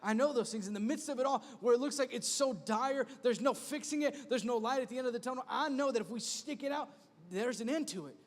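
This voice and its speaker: A man in his thirties, a pastor preaching an animated sermon with punchy repeated refrains. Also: extremely high pitch, fairly quick. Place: church sanctuary. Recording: long reverb of a church hall.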